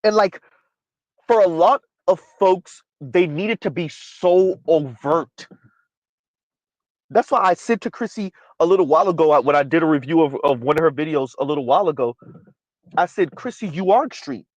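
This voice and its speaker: Emphatic stream host, man, pitched a little high, dry close mic. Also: moderate pace, no room sound, dull audio. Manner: emphatic, repeats "right?" often. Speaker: commentary channel host. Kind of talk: livestream commentary reading chat.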